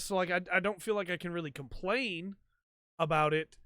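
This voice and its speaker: A man's voice: high-pitched, steady tone, fast talker, a bit bright, smooth, no room sound, clean studio sound. A man hosting a podcast, chatting casually and rambling with lots of ums and likes. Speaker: podcast host. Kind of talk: casual solo chat. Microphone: desk mic for a stream.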